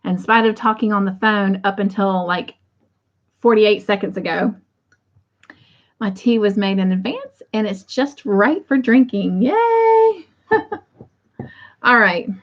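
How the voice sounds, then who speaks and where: A woman hosting a crochet livestream, chatting casually and warmly with viewers and often breaking into laughter. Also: mid-range voice, unhurried, pauses often, highs cut off. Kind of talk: casual chat to live viewers.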